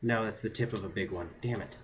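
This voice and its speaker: A man's voice: on the low side, fast talker. A man streaming a video game, talking to himself and his chat in a nervous, repetitive way. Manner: nervous self-talk, repeats phrases under pressure. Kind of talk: live gameplay commentary to chat.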